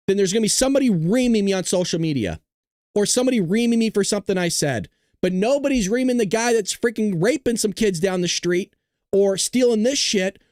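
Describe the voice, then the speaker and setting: A male livestream host rants and jokes, swearing freely as he reacts to the chat. His pitch swings widely and animatedly. The recording is dry, with the mic close. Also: dry recording. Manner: loud, ranting, profane, jokey. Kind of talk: profane live-stream rant and chat.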